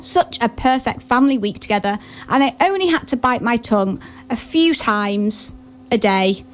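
A chatty female radio presenter with a bubbly, slightly flustered manner. Her voice sits a little high, and she talks breezily between records. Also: lively intonation, moderate pace, a little hiss or hum. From half Scottish.

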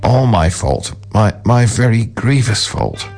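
A man's voice: lowish voice, lively intonation, slow, a little mellow, soft background music, pitched above the performer's own voice. A man voicing a startled, grieving old priest who blames himself, read as a storybook figure. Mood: anguished.

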